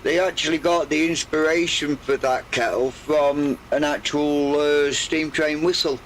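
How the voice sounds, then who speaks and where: An older man with a slightly croaky voice, chatting in a rambling, hesitant way while streaming a farming game. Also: on the high side, steady tone, slight background noise, low-quality recording. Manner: rambling, hesitant, full of pauses. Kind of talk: relaxed live gameplay chat.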